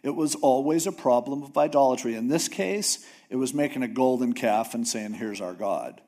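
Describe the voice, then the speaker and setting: A man's voice: medium pitch, normal speed, dark tone. A man preaching a casual sermon in a conversational way, often acting out biblical figures. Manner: conversational, acts out Bible figures.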